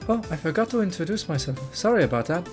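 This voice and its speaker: A man voicing a cheeky, boastful young woman thief, high and teasing with a put-on country bumpkin accent, as he reads a game aloud. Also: animated, quick pace. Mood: theatrical. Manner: teasing, giggly, high and sing-song. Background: game music.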